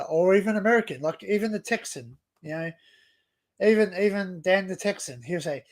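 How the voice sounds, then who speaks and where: A young Australian man with a notably high voice hosts a relaxed livestream. He wanders through his thoughts, repeating words and restarting sentences as he chats with viewers and a guest. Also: moderate pace. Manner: rambling, stop-start with many restarts. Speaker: livestream host. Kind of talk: casual livestream chat.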